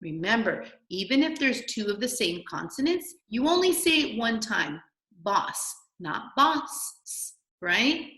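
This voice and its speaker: A woman's voice: mid-range voice, fairly bright tone. Sing-song woman teaching young kids. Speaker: kindergarten teacher. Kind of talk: recorded phonics lesson for young children. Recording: echoey room.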